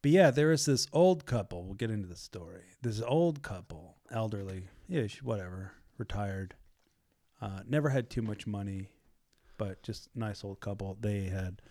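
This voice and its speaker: A man's voice: lowish voice, unhurried, mellow. A man telling a story in casual chat, acting out the people he quotes.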